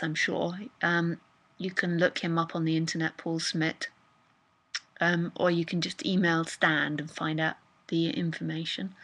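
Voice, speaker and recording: A woman's voice: lowish voice, a bit bright, poor audio. A woman giving a live spiritual talk in a casual, chatty manner that circles back and repeats itself. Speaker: spiritual teacher.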